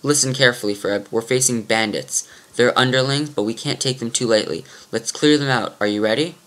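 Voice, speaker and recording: A man's voice: medium pitch, fairly quick, a bit bright, close to an everyday voice. A man voicing a firm young swordswoman who leads a small band, speaking steadily and carefully. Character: spirited young swordswoman leader, calm and firm.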